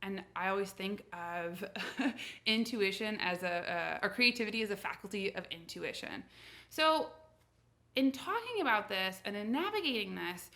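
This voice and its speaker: Bright-voiced chatty American woman coach. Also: medium pitch, moderate pace. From United States. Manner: chatty, animated storytelling with laughs. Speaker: intuition coach. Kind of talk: casual talk to camera.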